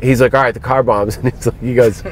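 A man telling animated stories as a guest in a moving car, acting out quotes in other voices. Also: mid-range voice, fast talker, slight background noise. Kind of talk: casual storytelling in a car.

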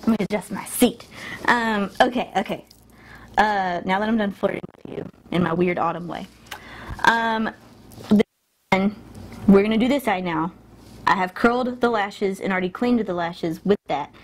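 A woman's voice: medium pitch, moderate pace, pauses often, a little hiss or hum. Chatty woman filming a lash tutorial. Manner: chatty, self-interrupting, laughs at herself. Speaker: beauty vlogger. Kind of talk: casual tutorial chat. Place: indoors at a mirror.

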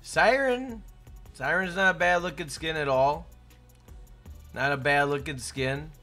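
Hyped young streamer guy, bright voice. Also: a little high, unhurried, soft background music. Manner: hyped, shouts out chat names. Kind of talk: casual live-stream chat.

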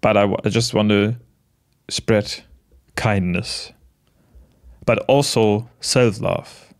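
Man, late twenties, low-ish voice, gentle, halting, reflective casual talk. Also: steady tone. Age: late 20s. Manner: gentle, halting, many restarts and soft laughs. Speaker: vlogger.

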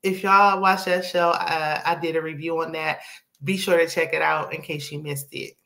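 A woman's voice: deep voice, steady tone, normal speed, bright, forceful tone. A woman giving a casual, sassy recap of a reality show, chatty with frequent asides. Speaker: TV recap host.

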